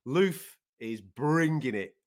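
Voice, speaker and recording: Lively, laughing podcast co-host. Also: male voice, mid-range voice, takes it slowly. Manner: animated, laughing, swears freely. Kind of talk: casual MMA chat.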